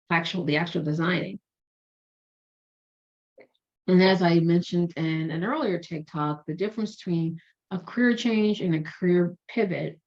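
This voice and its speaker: Here the woman coaching on careers has a low, slightly mellow voice, chatting at length in casual explanation, wandering off topic and revising her own words. It's recorded with dull, lo-fi audio.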